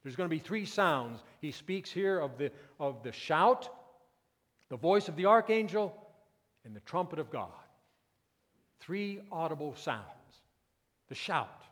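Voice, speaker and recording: A male pastor preaching a sermon, moving from quiet, intimate passages to loud, emphatic peaks. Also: fairly high pitch, big pitch swings, unhurried, long pauses. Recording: long reverb of a church hall.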